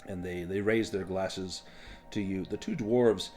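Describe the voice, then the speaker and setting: A man with a very low voice runs a tabletop fantasy game, narrating the scene in a relaxed, halting way and pausing on fillers. Soft music plays in the background. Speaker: game master.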